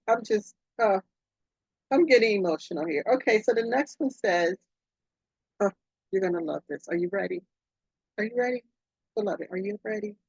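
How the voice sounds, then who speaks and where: Brief: effusive woman host reading oracle cards, husky and breathy, on a dull, dry home recording. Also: no echo. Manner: effusive, excitable, swoops up and down in pitch. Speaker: podcast host, oracle card reader. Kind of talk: casual spiritual card reading.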